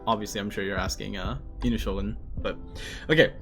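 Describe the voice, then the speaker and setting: A man streaming live, reading a manga aloud in a casual way, laughing often and following Japanese lines with quick English translations. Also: on the low side, fairly even intonation, fairly bright tone, faint music behind.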